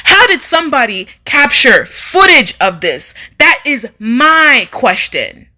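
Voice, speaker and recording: A woman chats casually on a live stream and reads out viewer comments. Her high voice swings up and down with lively, emphatic delivery. She often repeats phrases to drive a point home. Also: takes it slowly. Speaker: livestream host.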